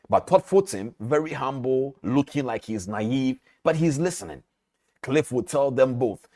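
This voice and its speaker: Animated male trading mentor telling a story. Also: medium pitch, unhurried. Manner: animated storytelling, direct to listeners. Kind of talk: storytelling lesson.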